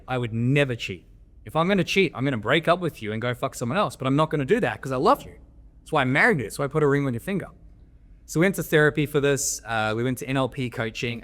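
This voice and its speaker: His mid-range voice carries a fairly bright tone. The speaker is an Australian podcast guest and men's coach recounting candid stories, blunt and coaching in manner, cursing freely.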